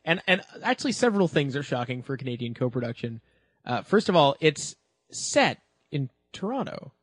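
A man co-hosting a casual TV review chat who makes wry, quick jokes. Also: medium pitch, very animated, breathy edge, no echo. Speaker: podcast co-host.

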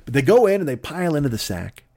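A male podcast host spins a comic tale full of profane, absurd tangents. His delivery is animated and sits fairly high for a man. The recording is dry and close. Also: fast talker, no room sound. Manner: profane, riffing, absurd asides. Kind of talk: comic storytelling.

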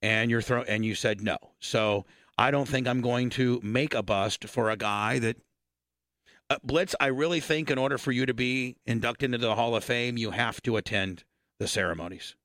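A man's voice: mid-range voice, normal speed, a bit bright, no echo, clean studio sound. A man hosting a casual podcast chat, talking bluntly with swearing and rambling restarts. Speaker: podcast host.

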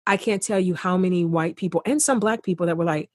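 A woman's voice: fairly low pitch, quick pace, no room sound, clean studio sound. A woman guest in an earnest podcast conversation, speaking with passion and repeating phrases for emphasis.

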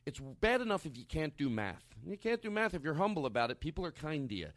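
A man's voice: on the high side, sing-song, quick pace, a bit bright, no echo, studio quality. A man hosting a podcast, chatting casually and riffing emphatically. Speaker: podcast host. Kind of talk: casual chat.

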